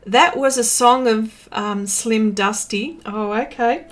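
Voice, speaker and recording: A woman's voice: fairly high pitch, takes it slowly, slight background noise. A middle-aged woman with an Australian accent, chatting casually on a livestream, laughing often and trailing off with fillers. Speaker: artist livestreaming. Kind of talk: casual livestream chat reading comments.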